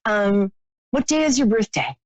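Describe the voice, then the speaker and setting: A woman's voice: medium pitch, a little slow, no room sound, lo-fi sound. A woman hosting a live stream, chatting sympathetically with a caller as she gives a psychic reading, with many fillers and restarts.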